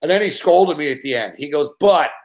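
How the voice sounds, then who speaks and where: A man's voice: on the high side, expressive, fast. A man hosting a show, telling a long profane story in an agitated, swearing rant. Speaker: show host.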